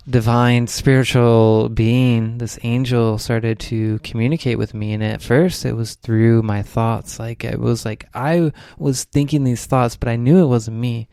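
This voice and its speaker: A man's voice: mid-range voice, creaky, warm tone, clear, resonant tone, dry recording, clean studio sound. A young man, a podcast co-host, telling a rambling spiritual story in casual chat, full of "like"s.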